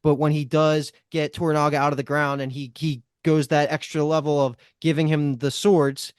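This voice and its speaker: A man's voice: fairly high pitch, level tone, normal speed, clear, resonant tone, dry recording, studio quality. A man co-hosting a casual TV review podcast, talking in a rambling way with lots of fillers and restarts. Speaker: podcast co-host.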